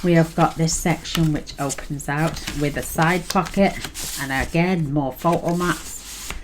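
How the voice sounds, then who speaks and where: Chatty middle-aged craft host, deep for a woman, casual and rambling, noisy tabletop sounds behind. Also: steady tone, unhurried. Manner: chatty, rambling, thinks aloud with fillers. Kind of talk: casual craft tutorial chat.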